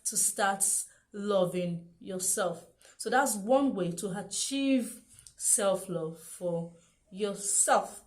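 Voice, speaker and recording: A woman's voice: mid-range voice, extremely slow. A young woman giving a motivational self-help talk, repeating key phrases and asking rhetorical questions. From Nigeria.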